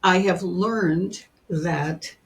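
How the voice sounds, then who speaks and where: A woman in her seventies telling personal stories as a podcast guest in an animated way, often calling the listener honey. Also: on the low side, extremely slow. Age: 70s. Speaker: guest, psychic and spiritual teacher. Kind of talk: storytelling in a podcast interview.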